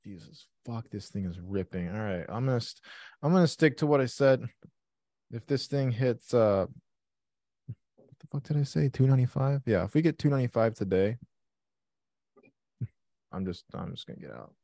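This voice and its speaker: Dude hosting a trading stream, swears nonstop, gets hyped fast, dry close sound. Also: male voice, mid-range voice, dry recording. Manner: excitable, swears constantly. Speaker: livestream trading host. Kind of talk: casual live-stream chat.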